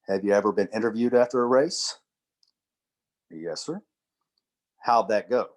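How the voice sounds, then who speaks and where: A middle-aged man giving a church talk, telling stories, acting out quoted dialogue and reading poetry slowly. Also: lowish voice. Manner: storytelling, acts out quotes, recites poetry slowly. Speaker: church speaker and literature teacher.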